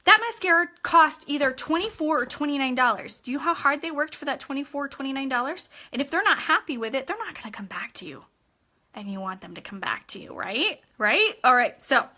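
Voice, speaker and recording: A woman leading a live video training for her sales team in an energetic, chatty way, often checking in with "okay?". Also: sits high. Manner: acts out customer chats in a bubbly voice. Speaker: direct sales team leader.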